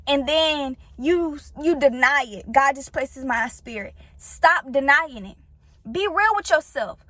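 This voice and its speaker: A woman's voice: high-pitched, fairly bright tone, no echo. A woman giving an earnest, faith-based motivational talk to camera, addressing her viewers directly. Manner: earnest, preachy, speaks straight to viewers. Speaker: vlogger giving encouragement.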